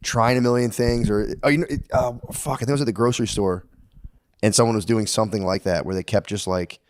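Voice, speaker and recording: Fast-talking man in casual podcast chat. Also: on the low side, fairly even intonation, no room sound. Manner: rambling, profane, acts out annoyed voices. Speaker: podcast co-host.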